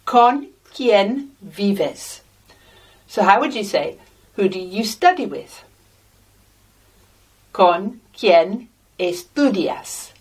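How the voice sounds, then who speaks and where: A woman's voice: mid-range voice, expressive, slow, pauses often, breathy edge. A woman teaching a language lesson, patiently sounding out each word and repeating example phrases. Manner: patient, carefully sounds out words. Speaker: Spanish teacher. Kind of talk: slow, deliberate language lesson mixing English and Spanish. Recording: voice a little distant from the mic.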